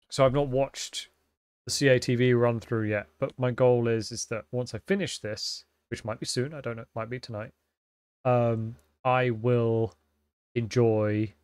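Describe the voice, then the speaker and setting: A man's voice: mid-range voice, steady tone, unhurried, pauses often, a little mellow, smooth, no echo. A man giving casual, rambling commentary while streaming a game and reading its lines aloud.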